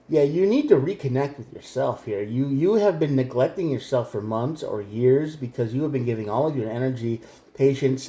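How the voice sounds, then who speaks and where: A man's voice: medium pitch, mellow. A man giving a tarot reading straight to the viewer, blunt and emphatic. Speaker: tarot reader. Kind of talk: direct-to-camera tarot reading. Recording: echoey room.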